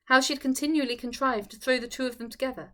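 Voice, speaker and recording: A woman reading a nineteenth-century novel aloud in a measured, formal way. Her voice sits fairly high. The delivery is steady and clear throughout. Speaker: audiobook reader. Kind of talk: scripted narration of a classic novel.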